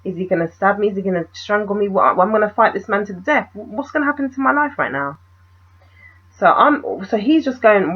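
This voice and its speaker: Husky-voiced woman telling a story. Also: medium pitch, brisk, muffled recording. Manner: animated retelling full of rhetorical questions. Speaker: vlogger. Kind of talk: storytime vlog.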